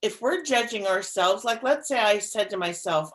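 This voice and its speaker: A woman's voice: mid-range voice, expressive, normal speed, few pauses, a bit bright. A woman co-hosting a podcast in casual conversation, talking earnestly and repeating phrases for emphasis. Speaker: podcast co-host.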